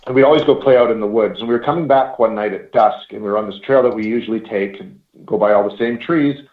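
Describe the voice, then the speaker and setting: A man's voice: fairly low pitch, quick pace. A man in his forties from Canada, telling rambling stories in a casual chat and swearing now and then. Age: 40s. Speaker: paranormal investigator guest. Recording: roomy, dull lo-fi call audio.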